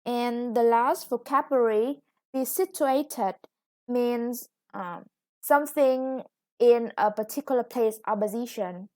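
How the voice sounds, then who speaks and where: A woman's voice: a little high, mellow. A woman with a Vietnamese accent teaching an English lesson, explaining patiently and drawing out new words as she goes. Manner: patient, explains slowly, stretches new words, self-corrects. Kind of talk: recorded classroom lesson for students.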